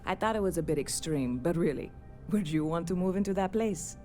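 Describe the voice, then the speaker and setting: A woman's voice: lowish voice, animated, a little fast, warm tone, natural voice. Woman voicing a gossipy townswoman. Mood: wry. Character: gossipy female townsperson sharing rumors. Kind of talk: video game dialogue. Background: game music.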